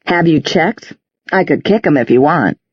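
Woman doing a flamboyant warlock guy, lazy playful drawl, a bit husky. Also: deep voice, animated, normal speed, no echo, dull audio. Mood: amused. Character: flamboyant joking male warlock, young-looking, languid.

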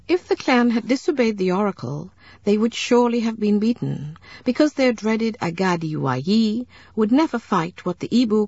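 A woman narrating a novel as an audiobook, in a measured, steady storytelling manner, in a dull lo-fi recording. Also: medium pitch, husky, no echo.

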